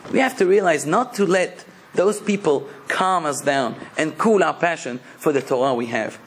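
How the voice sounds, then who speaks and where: A man's voice: fairly high pitch, normal speed, husky. A man, a rabbi, giving a sermon in a passionate, emphatic preaching manner.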